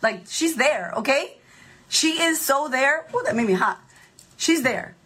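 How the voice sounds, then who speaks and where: A woman life coach giving a casual motivational monologue, emphatic and profane, with animated delivery. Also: high-pitched, a little slow.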